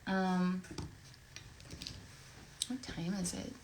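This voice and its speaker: A woman with a slightly low voice chats through a live Q&A as she signs autographs. She is effusive and talkative, and she thinks out loud between questions. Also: steady tone, drawn-out words, background noise. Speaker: voice actress at an autograph signing. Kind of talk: casual livestream Q&A chat.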